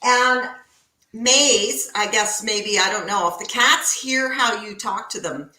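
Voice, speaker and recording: A woman's voice: mid-range voice, pushed and bright, reverberant, low-quality recording. A woman co-hosting a home cooking show, chatting casually and telling stories while she cooks. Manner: slow, storytelling, explains recipe steps. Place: home kitchen.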